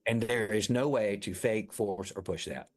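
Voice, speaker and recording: A middle-aged actor talking as an interview guest, upbeat and chatty. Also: male voice, fairly low pitch, moderate pace. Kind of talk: casual interview chat.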